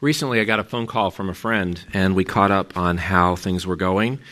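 A man's voice: low-pitched, normal speed, music in the background. A middle-aged man, a pastor, giving a conversational sermon, telling stories from his week. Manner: conversational, storytelling.

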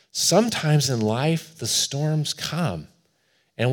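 A man preaching a sermon as pastor, telling a personal story in an earnest way, swelling louder and then dropping to a hush. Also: lowish voice, animated, normal speed.

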